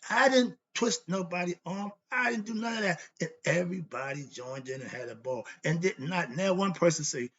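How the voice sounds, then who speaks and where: A man's voice: sits high, normal speed, hardly any pauses, a bit bright, husky, highs cut off. A man lecturing on self-knowledge in a blunt, preachy monologue, asking himself questions and answering them. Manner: preachy, repetitive, rhetorical questions; annoyed, blunt. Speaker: host. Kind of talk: philosophy monologue.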